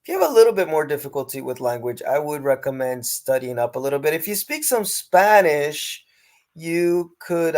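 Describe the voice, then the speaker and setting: A man's voice: a little high, darkish tone. A man with a Northeast American accent, hosting a casual interview and chatting straight to his viewers. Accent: Northeast American (Philadelphia/New York). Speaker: host and English teacher.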